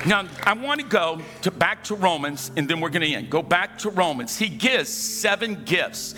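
A man's voice: sits high, sharp tone. A man preaching a sermon in church, calling for responses from the congregation and telling humorous stories. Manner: calls for congregation responses, storytelling, humorous asides. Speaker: pastor. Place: church sanctuary. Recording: hall reverb with faint music.

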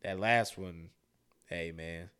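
Man, young adult, podcast co-host, loose profane talk, smooth resonant voice. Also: low-pitched, takes it slowly. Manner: loose, profane, gets loud and worked up. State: sleepy from drinking. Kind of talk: casual podcast chat.

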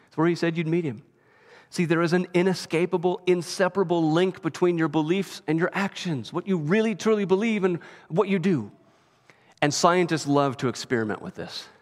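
A man's voice: a little high, normal speed. Conversational preacher man in a reverberant hall. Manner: conversational, often checks in with "right?". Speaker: pastor. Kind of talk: sermon. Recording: long reverb of a large hall.

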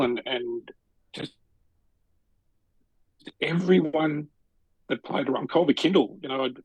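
Husky-voiced enthusiastic Australian man. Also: mid-range voice, takes it slowly, long pauses, a little mellow, dry recording, poor audio. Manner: enthusiastic, gushing with restarts. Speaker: podcast co-host. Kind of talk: casual podcast conversation.

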